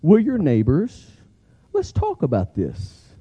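A man's voice: a little high, huge pitch swings, takes it slowly, mellow, slightly rough, heavily acted. A man voicing scheming enemies in a sermon, with a casual, coaxing, friendly invitation.

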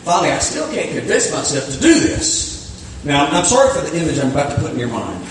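A middle-aged man preaching from the pulpit, his voice pitched a touch high and swinging widely as he tells stories on himself. The sound booms around a large echoey hall, picked up from some distance with faint room noise underneath. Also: fast. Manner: animated, self-deprecating storytelling with acted-out self-talk. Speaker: pastor. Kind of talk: storytelling sermon. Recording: echoey hall, mic far from speaker.

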